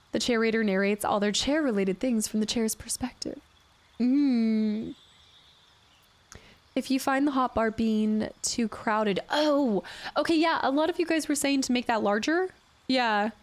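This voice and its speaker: A woman streaming a game in a chatty, playful way, thinking aloud and thanking viewers from chat. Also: fairly high pitch. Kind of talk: casual gameplay commentary.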